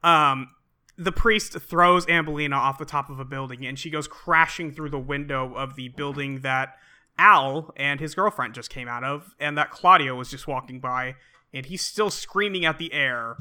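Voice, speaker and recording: A man's voice: medium pitch, normal speed, bright, forceful tone. A man co-hosting a casual podcast, tossing in wry jokes about a comic book. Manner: joking, wry asides. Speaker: podcast co-host.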